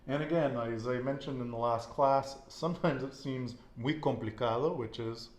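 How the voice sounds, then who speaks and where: A man's voice: medium pitch, normal speed. A man teaching a Spanish lesson, patiently quizzing a student and repeating her answers back with encouragement. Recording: echoey room with faint noise.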